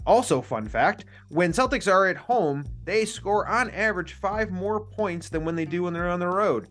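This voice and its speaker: A man's voice: high voice, lively intonation, moderate pace, fairly bright tone, soft background music. A man hosting a casual sports betting podcast, chatty and jokey, laughing often. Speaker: podcast host.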